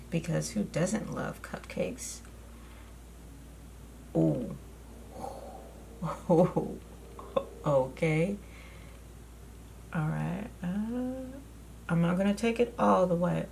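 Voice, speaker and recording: A woman's voice: on the low side, sing-song, very slow, vocal fry, long pauses, a little mellow, slight background noise. A woman chatting in a rambling, easygoing way with many fillers while she walks through a makeup tutorial at home. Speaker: beauty vlogger. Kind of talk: casual makeup tutorial chat.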